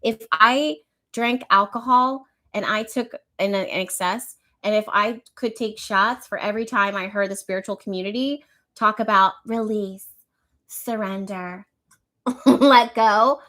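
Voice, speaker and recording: A woman's voice: medium pitch, fairly even intonation, moderate pace, bright, forceful tone. A young woman hosting an astrology livestream, talking casually and reading out viewers' comments. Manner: chatty, reads out viewer comments. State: out of breath, wheezing.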